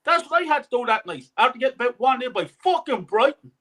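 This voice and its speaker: A man's voice: very high-pitched, big pitch swings, fast talker, pushed and bright. A man who has travelled from Ireland, calling in with an angry, sweary rant about a match. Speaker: caller. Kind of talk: ranting fan anecdote.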